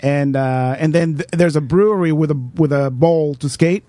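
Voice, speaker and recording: A man's voice: on the high side, normal speed, dark tone, dry recording. A man in casual podcast chat, telling a story loosely with lots of fillers. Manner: laid-back, filler-heavy storytelling.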